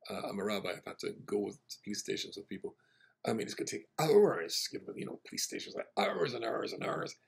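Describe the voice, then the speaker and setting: A man with a Scottish accent, a rabbi, telling an anecdote in a lively sermon that acts out the people in it. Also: on the low side, a little fast, creaky, breathy edge. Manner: animated anecdotal, acts out the people in his story. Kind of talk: storytelling sermon.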